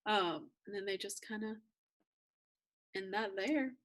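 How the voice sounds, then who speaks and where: A woman's voice: medium pitch, unhurried, a bit bright. A young woman co-hosting a podcast, chatting casually about a movie with sarcastic, jokey asides. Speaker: podcast co-host. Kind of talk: casual chat recapping a movie.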